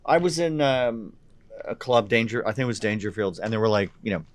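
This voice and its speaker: Animated man telling a comedy story. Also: lowish voice, fairly quick, slight background noise. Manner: animated, trips over his words. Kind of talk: casual podcast storytelling.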